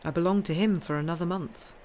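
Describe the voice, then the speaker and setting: A woman voicing a grieving young male soldier in an audiobook reading, speaking flat and weary. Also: fairly low pitch, quick pace, a little hiss or hum, close to an everyday voice. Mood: resigned.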